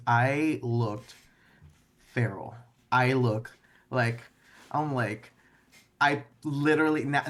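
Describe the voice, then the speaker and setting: An animated man playing a tabletop game, laughing often and describing his character's moves with flair. His voice sits at an ordinary middle pitch. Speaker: player.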